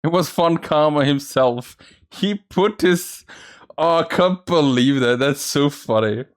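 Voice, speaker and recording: A man's voice: a little high, slow. A man hosting a game playthrough, giving amused commentary between read lines. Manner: amused, laughing asides. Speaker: let's play host.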